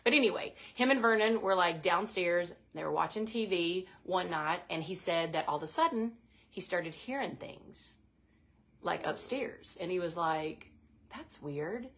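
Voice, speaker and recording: Casting: lower-voiced woman, chatty co-host, lots of "like" and "um". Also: normal speed, a bit bright. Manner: chatty, many fillers and "like"s. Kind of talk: casual storytelling chat.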